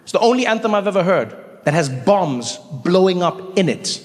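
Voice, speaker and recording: A man from South Africa performing a stand-up comedy routine, animated and acting out angry crowds in a raised voice. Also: moderate pace. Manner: animated, acts out shouting crowds in a high voice. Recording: live hall with reverb and faint ambience.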